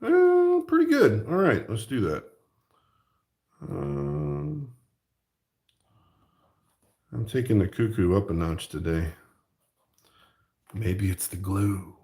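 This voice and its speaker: A man's voice: lowish voice, slow, creaky, long pauses, mellow, roomy sound. A middle-aged man chatting casually while he works on a craft project, rambling and joking at his own expense. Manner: rambling, self-mocking, jokey. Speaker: art channel host.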